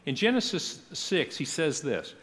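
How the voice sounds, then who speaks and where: Middle-aged pastor guy teaching a church class, lively up and down voice, chatty, asks the room questions, echoey hall. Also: fairly high pitch, a little slow. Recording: long reverb of a church hall.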